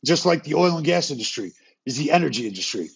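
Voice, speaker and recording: A man hosting a podcast, talking in a fast, slangy way and swearing freely. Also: on the high side, very animated, gravelly, slightly rough, lo-fi sound. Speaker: podcast host. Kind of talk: casual interview chat.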